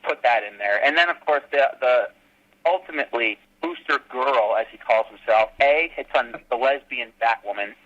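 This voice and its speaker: A man being interviewed about his fan films, telling animated stories and acting out quotes. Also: mid-range voice, normal speed, muffled recording. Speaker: fan filmmaker guest. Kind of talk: casual podcast interview.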